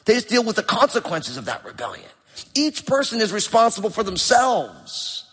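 A middle-aged man preaching a sermon with emphatic, animated delivery and rhetorical questions. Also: high-pitched, normal speed, husky. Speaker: pastor. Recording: long hall reverb.

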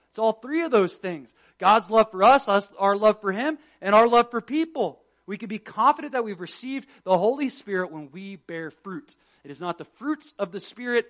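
High-voiced man preaching with fervor. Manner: passionate preaching that swings between loud emphasis and hushed tones; quotes scripture and acts out prayers. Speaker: pastor. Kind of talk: sermon.

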